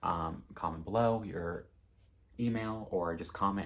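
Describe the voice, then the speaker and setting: A man's voice: sits low, a little slow, creaky, fairly bright tone. A young man in his twenties chatting casually with viewers in a home craft vlog, rambling and openly emotional. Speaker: cross-stitch vlogger. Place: home, indoors.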